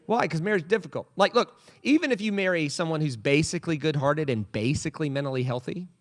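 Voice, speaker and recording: A pastor with a voice on the high side talks fast as he preaches a funny sermon in church. He tells stories with animation, slipping into playful comic voices.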